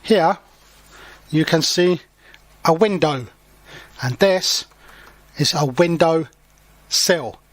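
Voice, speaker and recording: Male teacher reading a picture book to learners; patient, slow, with dry close sound. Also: on the high side, dry recording. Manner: slow and clear, pausing to explain words. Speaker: English teacher. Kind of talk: storybook read-aloud for learners.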